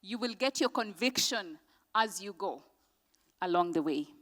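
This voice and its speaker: A woman's voice: medium pitch, expressive, unhurried, a bit bright. A woman giving a motivational speech at a conference, speaking in short emphatic declarations and leading the audience in repeated affirmations. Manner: leads the audience in call-and-response. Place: large conference hall. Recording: long hall reverb.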